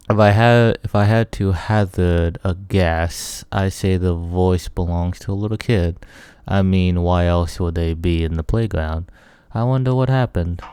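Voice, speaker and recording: Deep-voiced man reading game narration. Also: dark tone, clear, resonant tone, dry recording. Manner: reads narration, then breaks off with wry asides. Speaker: let's play host. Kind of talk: reading game text aloud with commentary.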